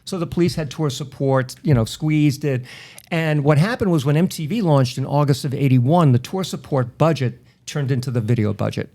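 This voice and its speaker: A middle-aged man from Long Island spins radio stories in a relaxed interview. His voice sits a little high for a man. He acts out the people he quotes with quick shifts of voice. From Long Island, New York. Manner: animated anecdotes, acting out quoted voices. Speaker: radio personality guest. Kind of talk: casual storytelling interview.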